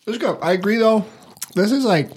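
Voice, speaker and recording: A man's voice: sits high, expressive, fairly quick, breathy edge. A man co-hosting a podcast in casual chat, enthusiastic and swearing offhandedly. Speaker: podcast co-host.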